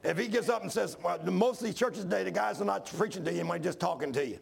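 A man's voice: high-pitched, quick pace, gravelly. A man preaching a sermon in a folksy style, building to fervent intensity.

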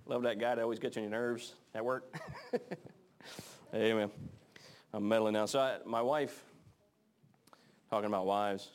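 A man's voice: lowish voice, steady tone, clear, resonant tone. A man preaching a sermon, joking with the congregation about marriage, then reading and praying. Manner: joking, conversational, slows to read scripture. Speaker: pastor. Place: church in front of a congregation.

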